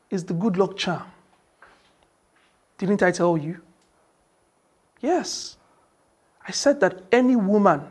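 Brief: a husky, low-voiced charm healer, firm and unhurried. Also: female voice, darkish tone. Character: calm stern older charm healer. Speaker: spiritual healer who works charms.

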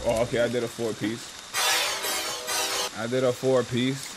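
A man streams a game, talking trash in a loud, playful way and breaking into excited cries. His voice sits at a middle pitch. Loud music plays behind him. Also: a little slow, poor audio. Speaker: gaming streamer. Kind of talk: casual gameplay commentary.

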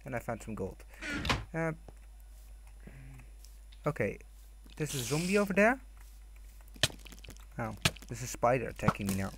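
A man's voice: mid-range voice, very animated, a little slow, pauses often, noisy background. A young man commenting casually on a video game, reading signs aloud in mock voices and laughing often. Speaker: gamer.

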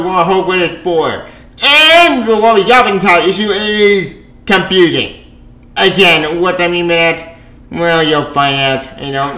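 Bright-voiced guy rambling sarcastically about comics, lots of restarts, echoey room. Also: fairly high pitch. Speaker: comic book reviewer. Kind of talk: casual rambling review. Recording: roomy echo.

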